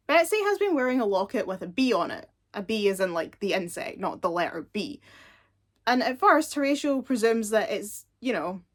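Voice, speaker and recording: Woman host, a touch high-pitched, chatty and animated, casual TV review. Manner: chatty and animated, laughing often. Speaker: show reviewer. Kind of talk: casual chat.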